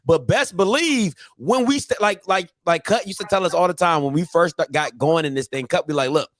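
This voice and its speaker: A man with a slightly high voice hosts a live call-in show. He talks casually with slangy bravado and gets hyped easily. The sound is dry and close to the mic. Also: normal speed, a bit bright, dry recording. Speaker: show host.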